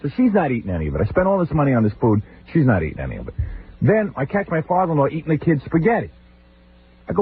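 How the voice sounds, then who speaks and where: A man hosting a radio show, telling comic stories in an animated, exasperated rant and mimicking his relatives. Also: on the high side, fast talker. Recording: tinny phone-like old radio recording with faint hiss.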